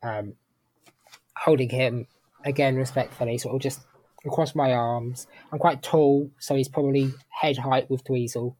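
A man playing in a tabletop game, slowly describing his character's actions. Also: mid-range voice, fairly even intonation, a little mellow, dry recording, rough recording. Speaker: player.

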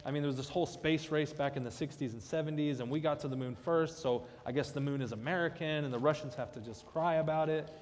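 A man's voice: a little high, fast talker, few pauses, darkish tone, long reverb tail. A man preaching a conversational sermon with joking asides, as pastor of a church. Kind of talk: casual sermon. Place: church sanctuary.

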